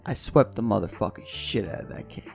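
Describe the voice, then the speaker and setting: A man co-hosting a podcast, telling a profane, animated story in casual chat and acting out the voices. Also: lowish voice, a little fast, gravelly, soft background music. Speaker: podcast co-host.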